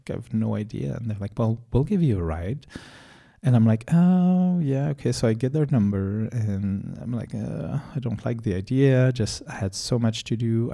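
A man's voice: lowish voice, warm tone. A man telling a long personal story in a loose, rambling way, swearing and laughing as he goes. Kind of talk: casual storytelling.

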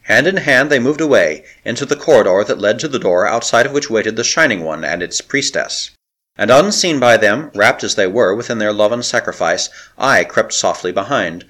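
A man narrating an adventure novel in a measured, dramatic storytelling manner. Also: lowish voice, fairly bright tone. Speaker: audiobook narrator. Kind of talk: scripted narration.

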